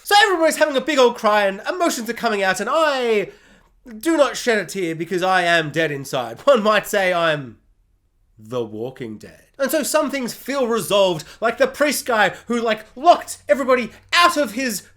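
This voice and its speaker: A man's voice: very high-pitched, very animated, normal speed, sharp tone. A man giving a comedic, sarcastic spoiler review of a TV series, rambling and breaking into silly mock voices.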